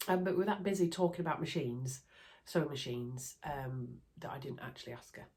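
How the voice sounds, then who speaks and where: A woman's voice: low voice, fairly quick, a little mellow. A woman with a Yorkshire accent, bunged up with a cold and sounding nasal, chatting casually and self-deprecatingly to her phone camera at night. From Yorkshire, England. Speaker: sewing vlogger. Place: bedroom at night under a ring light.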